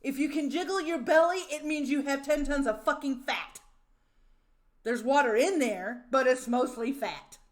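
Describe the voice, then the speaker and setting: High-voiced woman ranting on a stream. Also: normal speed. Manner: profane, mocking, exasperated. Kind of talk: casual reaction stream rant.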